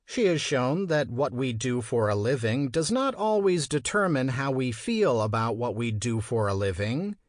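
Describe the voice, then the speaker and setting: A man's voice: medium pitch, lively intonation, normal speed, hardly any pauses, dry recording, clean studio sound. Man narrating a nonfiction audiobook.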